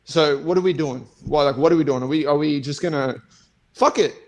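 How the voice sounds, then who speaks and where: A man's voice: a little high, a little fast. An Australian man co-hosting a fight podcast, ranting heatedly and swearing often. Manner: heated profane rant. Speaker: co-host and fighter. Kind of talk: casual podcast chat.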